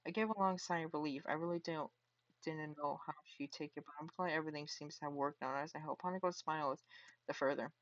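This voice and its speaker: A man's voice: fairly high pitch, fairly even intonation, fast talker, fairly bright tone, no echo, dull audio. A man reading a visual novel aloud, often stumbling and restarting, with chatty asides.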